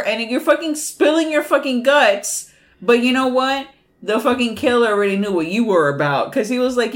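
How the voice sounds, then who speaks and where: Animated, profane woman retelling a movie. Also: fairly high pitch, normal speed. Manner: animated, profane, laughing storyteller. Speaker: podcast co-host. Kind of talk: casual movie recap.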